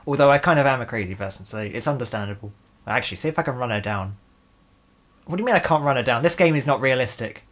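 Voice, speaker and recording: A man in his twenties hosts a gaming channel, giving sarcastic, jokey let's-play commentary and laughing often. His voice is medium-pitched, animated and fast, with a fairly bright tone.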